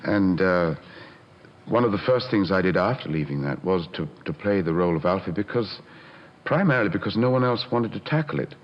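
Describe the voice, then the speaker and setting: Older man, deep halting reflection. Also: expressive, dull audio. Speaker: interviewee actor.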